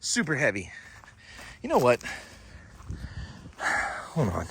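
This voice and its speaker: A man from Florida with a Southern country accent speaks slowly in a creaky, slightly bright mid-range voice with huge pitch swings, over a little hiss or hum. He's a paranormal vlogger, rambling and swearing jokily as a companion films on a handheld phone.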